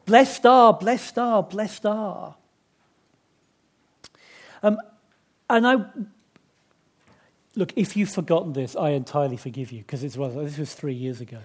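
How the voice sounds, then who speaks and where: A man's voice: high-pitched, a little mellow. A man preaching a sermon in a chatty, self-deprecating way, with many restarts.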